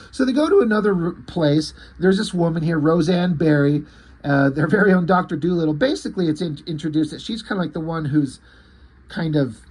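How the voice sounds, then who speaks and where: A man reviewing a comic book, rambling through the plot in a halting, casual way with many fillers and restarts. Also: a little high, a little mellow, husky.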